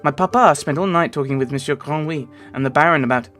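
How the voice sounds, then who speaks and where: A man's voice: on the high side, quick pace, a bit bright, faint music behind, close to an everyday voice. A man voicing a young girl, a polite and anxious heiress, telling her story sweetly and breathlessly. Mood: earnest.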